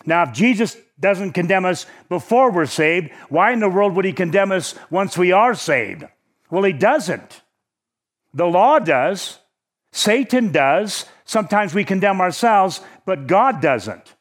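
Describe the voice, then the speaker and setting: A man with a slightly raised voice preaches a sermon, talking the congregation through the text in a plain conversational way. He slows down sharply to hammer home the words that matter, with touches of light humor. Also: sits high, expressive. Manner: emphatic, slows down to stress key words.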